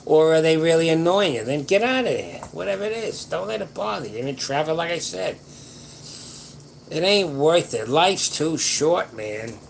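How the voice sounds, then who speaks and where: An older man hosts a livestream, fielding viewer questions in a casual, folksy late-night advice chat that tends to ramble. His voice is a little high, animated and creaky, at normal speed, and the poor audio carries a slight background hiss.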